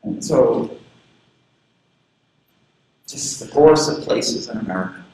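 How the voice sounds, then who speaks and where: Earnest preacher man, very echoey hall. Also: slow pace. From southern Florida. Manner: earnest, personal storytelling with lively pitch swings. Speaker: pastor. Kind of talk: sermon. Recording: very echoey room with faint background noise.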